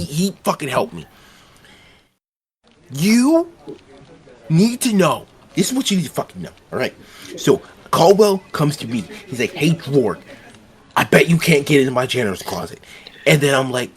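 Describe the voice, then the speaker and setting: A game master voicing a foul-mouthed, agitated male suspect with a put-on accent and a husky voice in a tabletop role-play. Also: mid-range voice, fairly bright tone, pitched below the performer's own voice. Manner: swears constantly, rants.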